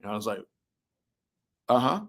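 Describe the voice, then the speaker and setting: A man's voice: on the low side, moderate pace, creaky. A young man, a musician and army veteran, telling stories casually in an interview, acting out quotes between many fillers. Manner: animated storyteller, acts out quotes, many fillers.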